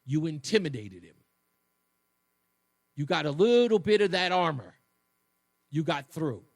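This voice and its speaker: A man's voice: a little high, expressive, measured pace, gravelly, dry recording. A male talk radio host giving an emphatic, mocking monologue that repeats its points from a studio.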